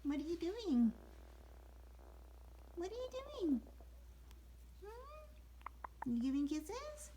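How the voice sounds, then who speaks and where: A woman's voice: very high-pitched, big pitch swings, extremely slow, long pauses. A woman talking to her pet parrot at home in cooing, singsong baby talk, repeating her questions. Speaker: pet owner. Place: home, indoors. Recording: loud background noise.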